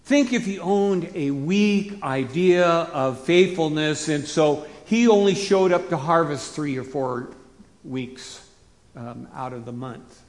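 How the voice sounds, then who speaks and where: A man preaching a conversational sermon to his congregation in a folksy way, rising to emphatic bursts and dropping to quiet asides. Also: fairly high pitch, slow. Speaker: pastor. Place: church sanctuary. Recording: long hall reverb.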